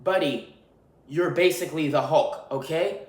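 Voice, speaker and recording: A man's voice: on the high side, a little slow. A man hosting a solo podcast, ranting in an irritated, profane way. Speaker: podcast host. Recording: roomy echo.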